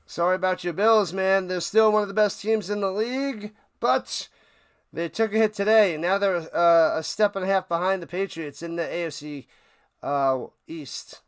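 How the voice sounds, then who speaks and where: A man hosting a live watch party, calling plays casually and chatting with viewers, bursting into loud hype on big plays. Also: high voice, normal speed, clear, resonant tone. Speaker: watch party play-by-play host. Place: home room, his man cave.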